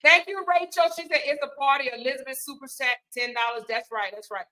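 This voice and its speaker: Woman, livestream host, casual chat, reads comments, bright forceful voice. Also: high voice, animated, fast talker, poor audio. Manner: chatty, reads and thanks viewers' comments.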